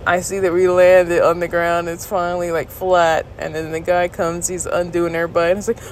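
A woman vlogger casually recounting a story to her viewers, candid and laughing, jumping into high squeals when she quotes herself. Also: brisk, slight background noise, rough recording. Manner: animated retelling, jumps to high squeals when quoting herself.

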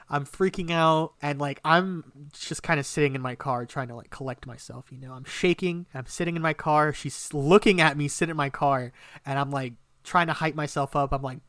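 A man's voice: medium pitch, brisk, no echo. Young man telling a story, dry sound. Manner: rambling, swears a lot, animated retelling. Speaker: podcast co-host. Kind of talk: casual storytelling chat.

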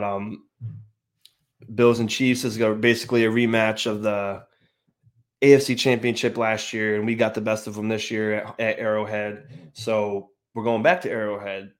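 Subdued, halting man hosting a fan show. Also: lowish voice. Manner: subdued, halting, many restarts and sighs. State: grieving, emotional. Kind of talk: casual sports podcast talk.

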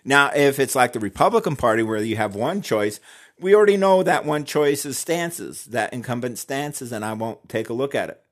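Guy talking straight to camera, earnest and emphatic, medium voice, slows down to hit key words. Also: mid-range voice, expressive. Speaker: Christian commentator on voting. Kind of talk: direct-to-camera opinion talk.

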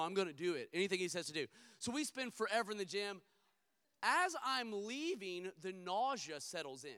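High, bright-voiced man preaching. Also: clear, resonant tone. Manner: emphatic preaching with humorous storytelling. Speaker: pastor. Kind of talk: sermon.

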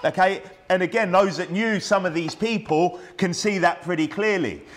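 A man's voice: high-pitched, moderate pace. A man preaching a sermon, conversational and emphatic, often asking his listeners rhetorical questions.

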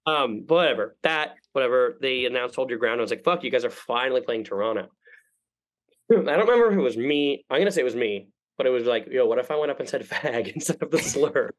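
Recorded in low quality, this young man has a medium-pitched voice and moves quickly through his words. He's casually telling a long, meandering story as a podcast guest, full of profanity and lively impressions of what others said.

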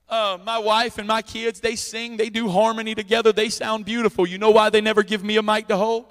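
A middle-aged man preaching a revival sermon into a church microphone, loud and impassioned, dropping into quiet asides and repeating words in quick runs. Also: high voice. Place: church sanctuary with a sound system. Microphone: handheld or stand microphone, volume adjusted by the sound man.

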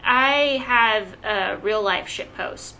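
A bright, forward-sounding woman co-hosting a casual podcast. She chats loosely, laughs a lot and often trails off or restarts her sentences. Faint room noise sits behind her. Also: mid-range voice, takes it slowly. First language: Vietnamese heritage, speaks English. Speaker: podcast co-host. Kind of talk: casual chat.

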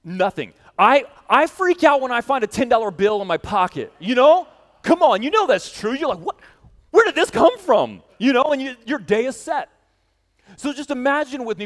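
Animated male preacher in a reverberant hall. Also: extremely high pitch. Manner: animated storytelling, speaking straight to the congregation. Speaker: pastor. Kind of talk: sermon. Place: church hall.

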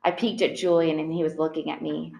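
A woman's voice: deep voice, level tone, a little fast, creaky, a little mellow. Audiobook reader: a woman, earnest first-person narration, roomy echo.

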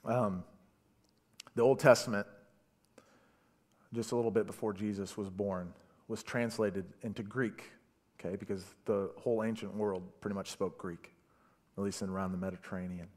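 A man preaching a sermon, retelling a story with animated delivery and stammered repeats. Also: fairly low pitch, normal speed, long pauses. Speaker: pastor.

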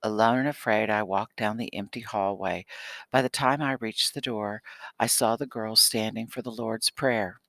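A man reads a children's novel aloud in a steady, expressive way. His voice sits low but sounds bright and forceful. The recording is close and dry, with no room sound. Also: normal speed, vocal fry, no echo. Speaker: audiobook narrator. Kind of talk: scripted audiobook narration.

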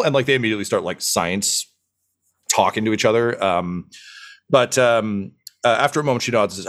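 A man's voice: fairly low pitch, fairly quick, fairly bright tone. A man narrating a tabletop game as dungeon master, rambling with many fillers.

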